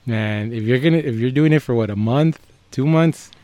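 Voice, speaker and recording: A man's voice: mid-range voice, normal speed, mellow, no echo. Man from san antonio, podcast co-host, teasing, casual, dry recording. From San Antonio, Texas. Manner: easygoing, teasing.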